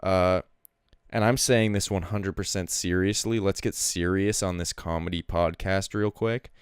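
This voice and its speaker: Man, podcast co-host, low smooth voice, dry close sound, amused, casual chat. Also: fairly even intonation, a little slow, dry recording. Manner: amused, laughs while reading emails aloud.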